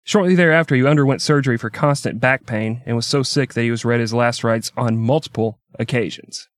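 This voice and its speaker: A man's voice: mid-range voice, fairly quick, no room sound, clean studio sound. A man co-hosting a podcast, telling a history story in a casual, jokey, irreverent way and laughing often.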